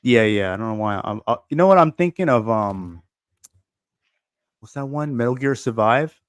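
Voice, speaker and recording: A man's voice: mid-range voice, lively intonation, moderate pace, dry recording. A man co-hosting a casual gaming podcast, rambling loosely and swearing often. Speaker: podcast co-host. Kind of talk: casual chat.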